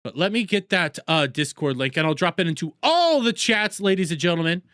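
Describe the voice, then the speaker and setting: Young dude streaming, bright voice jumping all over, swears a ton, dry close mic. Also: male voice, sits high, a little fast, smooth, no echo. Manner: excitable, mocking and profane, reading chat aloud. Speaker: streamer reacting to clips. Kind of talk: live reaction commentary.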